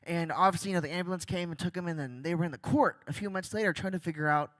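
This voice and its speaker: A young man giving an energetic church talk, chatty and jokey, asking the crowd questions. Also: high-pitched, racing, no room sound. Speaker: guest speaker. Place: church stage.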